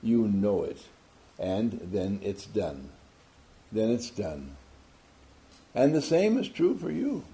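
A man's voice: on the low side, sing-song, slow pace, pauses often, dark tone. A man giving an emphatic motivational talk to a group, asking many rhetorical questions. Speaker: motivational speaker.

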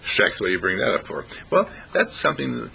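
A man telling rambling, playful stories in a casual talk, clearing his throat often. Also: medium pitch, very animated, fairly quick, sharp tone, slight background noise. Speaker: speaker.

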